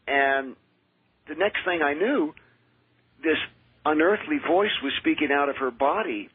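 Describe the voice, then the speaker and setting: A man who is a minister and exorcist, telling his experiences in an earnest, measured way as a radio interview guest. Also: on the high side, animated, slightly rough, no echo. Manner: earnest, measured, with frequent restarts. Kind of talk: radio interview, personal storytelling. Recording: tinny dry phone line.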